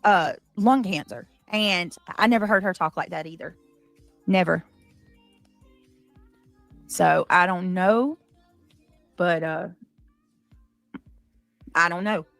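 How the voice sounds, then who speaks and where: A woman's voice: lowish voice, slow, creaky, long pauses, fairly bright tone, no room sound, faint music behind. A woman hosting a livestream, chatting casually, reading chat comments aloud and laughing often. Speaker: livestream host.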